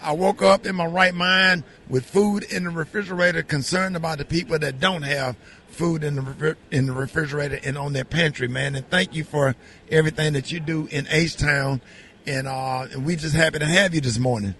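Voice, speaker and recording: An upbeat man hosts a morning radio broadcast outdoors. His voice is bright and forceful, a little higher than most men's. Faint background noise sits behind him. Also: fairly quick. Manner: excited and upbeat. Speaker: radio show host. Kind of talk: lively morning radio talk. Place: outdoors at a charity mission.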